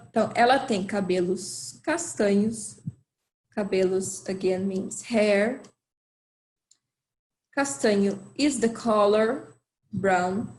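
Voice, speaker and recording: A woman teaching an online language lesson, explaining slowly and patiently with lots of repetition. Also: mid-range voice, darkish tone. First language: Portuguese. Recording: echoey room.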